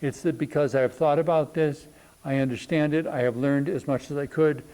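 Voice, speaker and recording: A man hosting a reflective talk on spirituality, thinking aloud with many pauses and fillers. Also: fairly high pitch, steady tone, dark tone, poor audio. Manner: thoughtful, unhurried, many ums and pauses.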